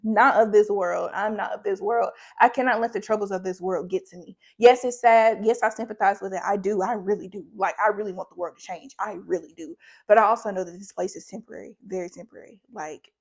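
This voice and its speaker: A woman's voice: medium pitch, fairly even intonation, brisk, creaky, hardly any pauses. A young woman chatting casually in a faith vlog, rambling, saying "like" often and laughing between thoughts. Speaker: faith vlogger.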